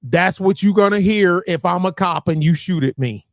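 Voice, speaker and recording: A man's voice: high voice, moderate pace, vocal fry, background noise. A man hosting a livestream, talking bluntly and profanely in rambling commentary that keeps restarting phrases. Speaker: livestream host.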